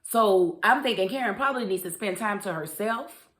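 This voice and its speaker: A young adult woman with a medium-pitched, fairly bright voice chats casually at a moderate pace. She's a TV show reviewer giving her opinionated take on a drama, often addressing the characters directly.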